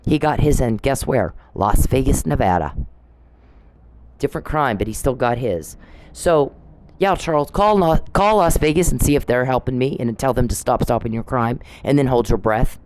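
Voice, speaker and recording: Her voice extremely low and a little mellow, a woman runs her own podcast at a moderate pace, with some hiss or hum on a low-quality recording. Angrily, she recounts a story bluntly, cursing and directly accusing the person she's addressing.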